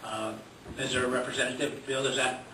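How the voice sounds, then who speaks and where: A man chairing a public board meeting, relaxed and joking at times. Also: mid-range voice, a little fast. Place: large government chamber. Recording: echoey chamber, distant mic, hiss.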